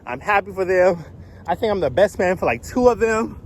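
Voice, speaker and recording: A man's voice: sits high, expressive, a little fast. A young man talking candidly to his phone while walking outdoors on a cold, windy street, rambling and laughing as he shares his thoughts. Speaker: vlogger. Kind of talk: casual confessional vlog. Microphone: phone held at arm's length.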